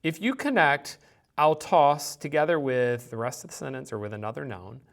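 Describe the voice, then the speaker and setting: A man's voice: on the high side, normal speed, vocal fry. A man teaching a recorded Greek grammar lecture, thinking aloud and explaining patiently with examples.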